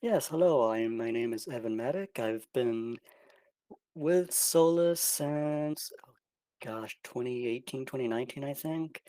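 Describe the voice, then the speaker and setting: Mellow-voiced man, dry and close. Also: medium pitch, a little slow, no room sound. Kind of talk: casual self-introduction. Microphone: video call.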